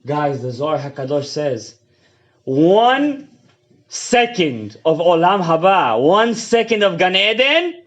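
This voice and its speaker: A man giving a fiery Torah lecture as a rabbi, swinging between loud outbursts and hushed asides, mixing English with Hebrew terms, on a dull lo-fi recording. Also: fairly high pitch, very animated, takes it slowly. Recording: dull lo-fi audio.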